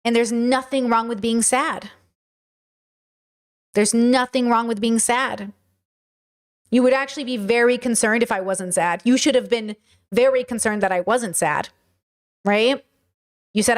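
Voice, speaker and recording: A woman's voice: on the high side, a little slow, pauses often. A woman hosting a livestream, answering viewers' chat questions in an earnest, emphatic way.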